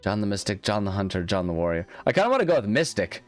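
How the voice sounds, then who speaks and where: A let's-play host with a very low voice gives casual gameplay commentary at a quick, very animated pace, rambling and restarting as he thinks aloud. He pokes fun at his own choices while faint guitar music plays underneath.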